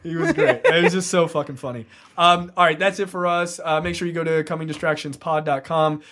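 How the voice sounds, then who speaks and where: Man, podcast co-host, casual review chat, enthusiastic, cusses freely, somewhat high voice. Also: steady tone, a little fast, a bit bright, a little hiss or hum.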